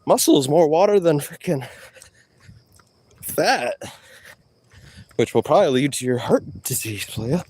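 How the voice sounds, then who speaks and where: A man's voice: on the high side, expressive, measured pace, long pauses, a little mellow. Rambling joking man streaming outdoors. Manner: joking, trash-talking, rambling. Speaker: vlogger streaming live. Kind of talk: rambling live-stream chat while jogging.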